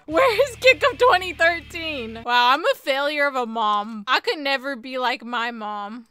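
A young woman chatting excitedly through a game, full of gasps and laughs. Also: sits high, measured pace, hardly any pauses, music in the background. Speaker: gaming YouTuber. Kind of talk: playthrough commentary.

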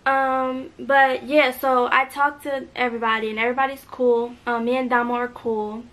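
A teenage girl with a bright, slightly high voice speaks to her viewers at home. She talks hesitantly and earnestly, pausing often with soft fillers. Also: level tone. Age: teens. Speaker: vlogger. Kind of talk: emotional apology video.

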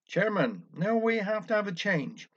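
A man's voice: high-pitched, very animated, measured pace, husky, full character voice. A man with a Cornish accent voicing a formal older village chairman announcing a concert. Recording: dull lo-fi recording.

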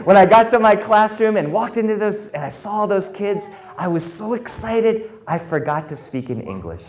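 Animated male storyteller with lively pitch. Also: moderate pace. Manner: animated, playful, mixes in Spanish phrases. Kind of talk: live storytelling performance. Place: library.

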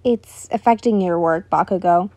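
Brief: woman doing a steady young knight, lower and even, mellow, dry. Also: moderate pace, no room sound, natural voice. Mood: calm. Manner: calm, level-headed.

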